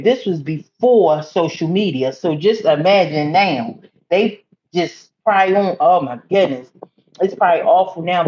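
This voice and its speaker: A woman's voice: sits low, darkish tone, highs cut off, slight background noise. A woman hosting a casual livestream, rambling and talking straight to her viewers. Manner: rambling, talks to viewers directly. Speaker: livestream host.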